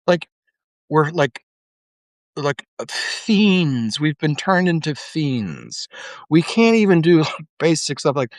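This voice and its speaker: A man's voice: on the high side, animated, a little slow, no echo. A middle-aged man hosting a podcast, ranting casually with frequent swearing and fillers. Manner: ranting, profane, full of fillers. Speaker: podcast host. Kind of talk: casual monologue.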